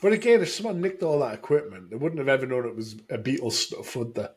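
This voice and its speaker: A man's voice: medium pitch, expressive, quick pace, darkish tone. A man co-hosting a casual beer podcast, chatting with many restarts and bursts of laughter. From Scotland. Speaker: podcast co-host. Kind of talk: casual chat.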